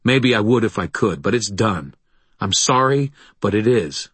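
Brief: a man reading a tired, husky wizard, clipped and defensive, very low. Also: animated, measured pace, no room sound, exaggerated voice. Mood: regretful. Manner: clipped, defensive, rising to shouts. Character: wry, weary adult man wizard. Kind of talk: audiobook dialogue.

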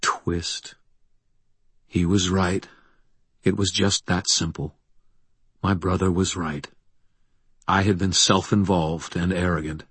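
A man narrating a first-person audiobook in a low, measured, introspective way. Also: flat delivery, fairly bright tone, breathy edge, no room sound.

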